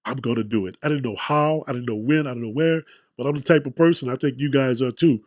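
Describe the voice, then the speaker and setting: A man hosts a podcast interview, chatting casually and sharing his own story with self-deprecating humor. His voice is medium-pitched and darkish, and he talks fast; the recording is dry and studio-clean.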